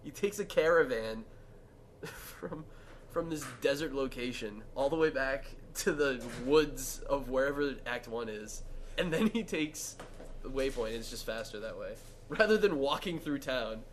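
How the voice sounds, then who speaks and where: A man's voice: medium pitch, expressive, a little slow, slight background noise. A man co-commentating a game run, teasing his friend and laughing often.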